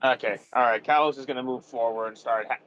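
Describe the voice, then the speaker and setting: A man playing in a tabletop game, describing his character's actions in a halting way with restarts. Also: medium pitch, fairly even intonation, fairly bright tone. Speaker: player. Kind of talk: casual tabletop play. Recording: dull lo-fi mic with faint noise.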